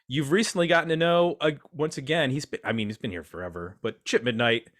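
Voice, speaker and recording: A man's voice: mid-range voice, fast, fairly bright tone. Chatty man hosting a roundtable. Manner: chatty, self-deprecating, introduces guests. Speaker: podcast host. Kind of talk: casual roundtable chat.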